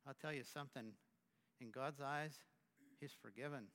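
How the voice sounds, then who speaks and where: In a large hall, a medium-pitched man preaches as pastor, keeping things conversational while his delivery stumbles into restarts and alternates between booming and quiet.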